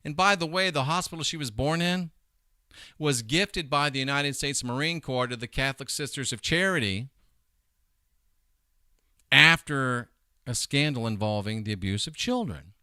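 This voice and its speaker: A middle-aged man hosting a casual commentary show, talking in an animated, emphatic way and wandering off into side points. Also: mid-range voice, normal speed, pauses often, clean tone, no room sound, clean studio sound. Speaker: host.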